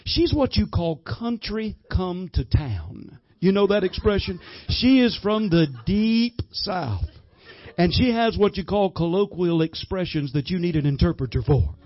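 A middle-aged man preaching a lively sermon, laughing often as he leads holy laughter. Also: high voice, unhurried, no echo, lo-fi sound. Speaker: guest minister. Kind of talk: Pentecostal-style sermon leading holy laughter.

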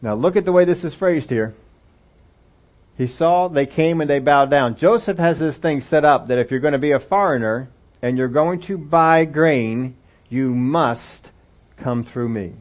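A preacher with a fairly high voice delivers a sermon, reading scripture aloud and talking it through with his listeners. He speaks conversationally and keeps asking rhetorical questions. The recording sounds dull and lo-fi. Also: a little slow.

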